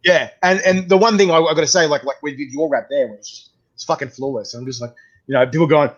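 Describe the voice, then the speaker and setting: An Australian man hosting a casual chat; he talks in an excitable, chatty way and swears freely. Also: on the high side, fast. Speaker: host. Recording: dull lo-fi audio.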